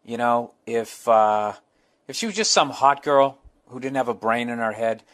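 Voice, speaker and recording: A man's voice: medium pitch, normal speed, a bit bright. A middle-aged man hosting a podcast, reading fan letters and riffing bluntly with profane asides. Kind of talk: casual podcast monologue.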